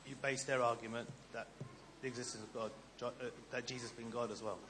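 A man from the audience asking a question, hesitant and halting, into a handheld mic. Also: mid-range voice, little pitch movement, fairly bright tone.

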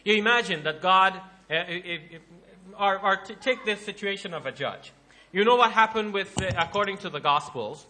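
Man, religious lecturer, animated, rhetorical, high voice, bright. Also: normal speed, a little hiss or hum. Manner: animated, rhetorical, argues with questions. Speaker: Islamic lecturer.

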